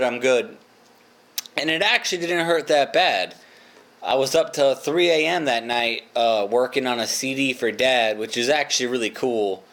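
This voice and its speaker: A man's voice: mid-range voice, a bit bright. A young man telling a rambling, profane, self-mocking story in a casual vlog. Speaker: vlogger.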